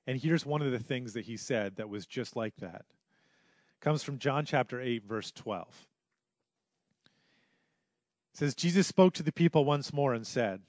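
A man preaching a sermon, moving between hushed, low passages and loud, raised emphasis. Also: no echo. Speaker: pastor.

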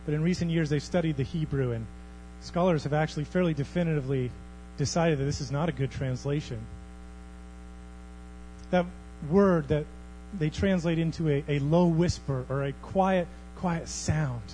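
A man preaching a sermon as pastor, swinging from hushed, almost whispered passages to loud, thundering ones. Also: a little high, normal speed, rough recording. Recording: faint mains hum.

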